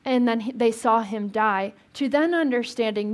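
A woman's voice: fairly high pitch, moderate pace, few pauses. A woman pastor giving a conversational sermon in church, asking the congregation questions and adding light jokes.

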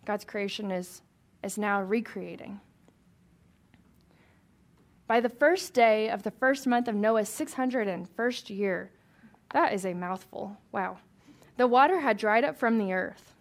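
Gravelly-voiced woman leading Bible study. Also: medium pitch, a little slow. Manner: chatty, asks the group questions, reads scripture aloud. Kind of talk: conversational Bible teaching to a small group.

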